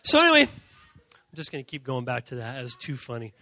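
High bright-voiced man preaching to youth. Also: moderate pace, dry recording. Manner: animated, acts out quoted voices, repeats key points. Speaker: youth speaker. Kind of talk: energetic youth sermon.

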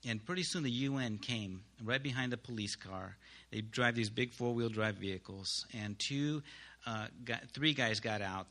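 A man, a missionary, giving an earnest spoken testimony to a congregation, halting with pauses and restarts. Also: on the low side, sharp tone.

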